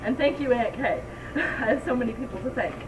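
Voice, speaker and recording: A teenage girl gives a tearful, giggly thank-you speech, heard from a distance. Bowling alley noise hums clearly behind her. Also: fairly high pitch, expressive, a little fast. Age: teens. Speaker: senior student speaker.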